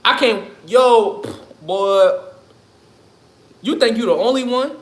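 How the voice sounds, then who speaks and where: High-voiced man ranting profanely on a livestream. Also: slow pace. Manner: profane, rambling, laughs often. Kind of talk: casual livestream rant. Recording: echoey room.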